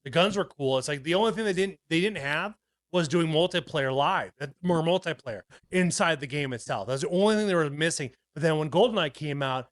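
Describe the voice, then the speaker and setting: A man's voice: fairly high pitch, expressive, fairly quick, dry recording, studio quality. A man in his thirties co-hosting a podcast, rambling and swearing as he tells stories, with lots of restarts. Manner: rambling, profane, with many restarts. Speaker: podcast co-host. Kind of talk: casual podcast chat.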